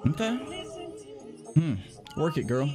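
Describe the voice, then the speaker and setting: A young man laughs his way through a reaction video, joking in a slow, lazy drawl. His pitch jumps around freely between chuckles. Faint music plays behind him. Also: big pitch swings. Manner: laughs constantly, loose and joking. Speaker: youtuber reacting to clips. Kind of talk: casual reaction commentary.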